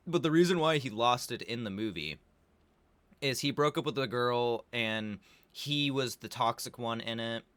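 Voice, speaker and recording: A young man with a bright, forceful voice recaps a movie in a loose, rambling rant. He swears often and leans on filler words. The sound is close and dry, with no room around it. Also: medium pitch, no room sound. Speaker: video creator reviewing a movie.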